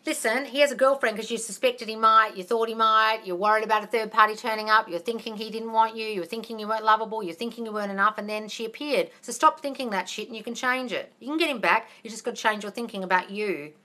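A woman's voice: on the high side, fast talker, few pauses, sharp tone. An Australian woman hosting a casual live Q&A as a manifesting coach, blunt and sweary, calling everyone darling.

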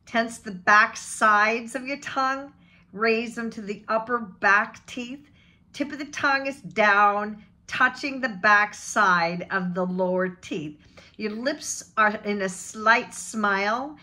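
A woman's voice: mid-range voice, bright, forceful tone. A woman teaching a pronunciation lesson, giving tongue and lip directions and drawing out example words one by one. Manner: demonstrates vowel sounds with slow drawn-out example words. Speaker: voice and accent coach.

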